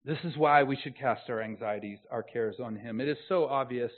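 A man preaching a sermon as a pastor, swinging from soft, close, earnest phrases to loud, slowed, emphatic proclamation. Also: mid-range voice. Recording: tinny phone-like sound.

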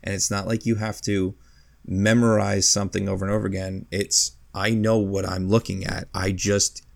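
A man with a deep, gravelly voice chats casually as a podcast co-host. He rambles through long lists with the odd chuckle, and the sound is close and dry. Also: flat delivery, normal speed, no echo. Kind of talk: casual podcast chat about video games.

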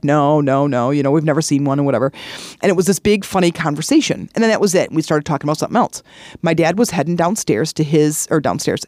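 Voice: mid-range voice, darkish tone, no room sound. Earnest middle-aged podcast host, dry sound. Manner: earnest, repetitive, chatty, with fillers and restarts. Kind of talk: casual motivational talk with personal stories.

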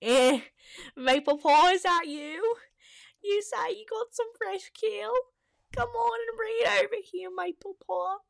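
A woman plays a friendly old tomcat elder from a storybook, speaking in a British accent with a creaky, folksy drawl. The voice sits high and squeaky and slows down as he rambles. It is recorded close and dry, with no room sound. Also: dry recording, exaggerated voice. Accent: British, put on. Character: friendly old gray male elder cat.

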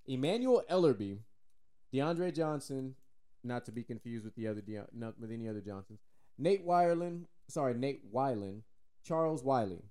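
A man's voice: mid-range voice, expressive, moderate pace, mellow, clear, resonant tone. A Texan man co-hosting a casual sports podcast, loose and joking, swearing freely. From Texas. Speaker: podcast co-host.

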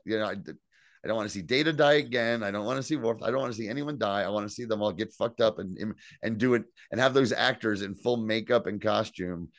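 Male podcast co-host, lowish voice, dry close sound, swears freely while retelling scenes. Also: fast, dry recording. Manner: profane, animated storytelling. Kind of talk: casual recap chat.

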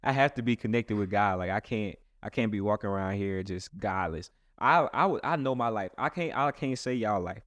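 A man's voice: fairly low pitch, brisk, hardly any pauses, a bit bright, no echo, clean studio sound. A man, a pastor hosting a casual chat, who talks in a rambling way with many restarts. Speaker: pastor and host.

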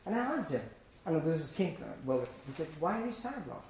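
A man preaching a sermon, swinging between loud, emphatic bursts and quiet, low asides, often laughing as he speaks. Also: big pitch swings, quick pace, slight background noise. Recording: very echoey church hall.

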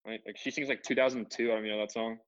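A man's voice: lowish voice, fairly even intonation, racing. A young man co-hosting a podcast, chatting casually with lots of fillers and frequent laughter. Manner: filler-heavy, laughing often. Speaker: podcast co-host. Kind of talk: casual chat. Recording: dull, dry lo-fi sound.

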